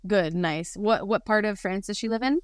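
A woman's voice: mid-range voice, normal speed, smooth, no echo, studio quality. A young adult woman co-hosting a podcast in casual chat, bubbly and talkative, with lots of fillers. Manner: bubbly, chatty, heavy use of "like". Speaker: podcast co-host.

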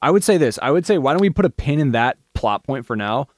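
A man's voice: mid-range voice, very animated, quick pace, dry recording. A man co-hosting a podcast who rambles casually, using lots of fillers and swearing. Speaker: podcast co-host. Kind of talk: casual chat.

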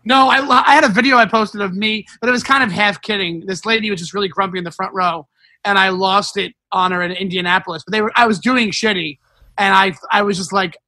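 Bright high-voiced man telling comedy stories. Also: quick pace, dry recording. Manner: animated storytelling, swears freely, acts out quotes. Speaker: stand-up comedian and host. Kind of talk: casual chat.

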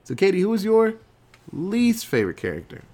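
A man co-hosting a podcast, retelling a horror movie plot with lively acted-out quotes and casual swearing. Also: sits high, fairly quick. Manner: animated storytelling with quoted voices, swearing. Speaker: podcast co-host.

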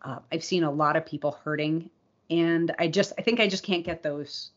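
A woman's voice: low-pitched, normal speed, muffled recording. A woman co-hosting a podcast, talking in an earnest, reflective way in casual conversation. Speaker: podcast co-host.

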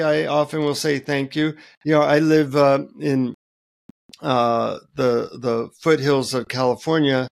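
A middle-aged man, a guest author, telling relaxed anecdotes in an interview with many fillers. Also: on the high side, vocal fry. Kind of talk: interview storytelling.

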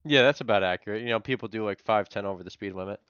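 A man in casual chat telling an excitable, profane story about a confrontation at a crosswalk. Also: lowish voice, very fast, clear, resonant tone, dry recording, lo-fi sound.

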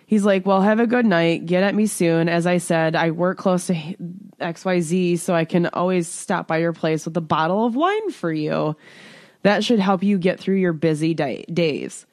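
Speaking at a moderate pace in a lowish voice, a woman podcast co-host tells a dating story in casual conversation, acting out the texts she got in mimicked voices as an animated storyteller. Dry, studio-quality sound.

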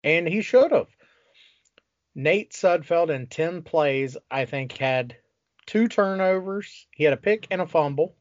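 A man's voice: on the high side, animated, a little slow, no room sound. A man co-hosting a casual sports talk show, ranting with exasperation and plenty of swearing. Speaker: podcast co-host. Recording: dull lo-fi sound.

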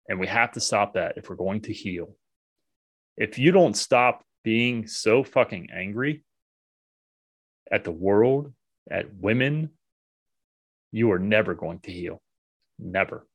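A man in an unscripted monologue, blunt and earnest, swearing often and restarting his sentences, owning that he is no expert. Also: fairly low pitch. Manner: earnest, self-deprecating. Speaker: men's self-help vlogger.

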